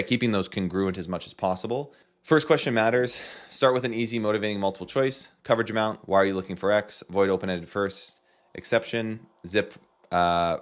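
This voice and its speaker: A man's voice: on the low side, moderate pace. A man with a Canadian accent, casually walking through a marketing tutorial with joking asides. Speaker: marketing coach. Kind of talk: screen-share tutorial.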